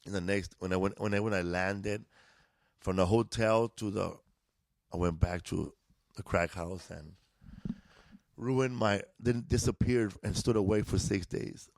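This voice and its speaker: A man's voice: on the low side, unhurried, creaky, darkish tone, no room sound. A man from East Los Angeles, a comedian guest, telling stories in a loose, profane, laughing way in a casual chat. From East Los Angeles, USA. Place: indoors, podcast studio.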